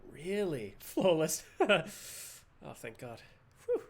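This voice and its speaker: Brief: playful Australian male streamer, slow lively delivery, slightly high voice. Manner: giggly, playful, jokey. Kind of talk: live game commentary.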